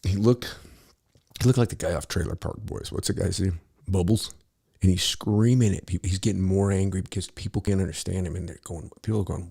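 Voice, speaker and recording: A man's voice: deep voice, animated, moderate pace, vocal fry, a little mellow, husky. A middle-aged man telling a rambling, profane story in a casual monologue, full of restarts. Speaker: podcast host.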